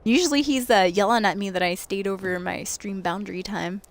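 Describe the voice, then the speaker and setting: A woman's voice: medium pitch, fairly quick. A young adult woman streaming a video game late at night, chatting and giggling with her viewers as she plays. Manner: chatty and giggly, talking to chat while playing. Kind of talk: casual late-night gaming livestream chat.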